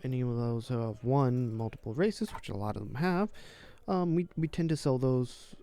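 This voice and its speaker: A man's voice: medium pitch, animated, normal speed, mellow, lightly acted. Man voicing a stammering flustered stable keeper woman. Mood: nervous. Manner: stammering, apologetic.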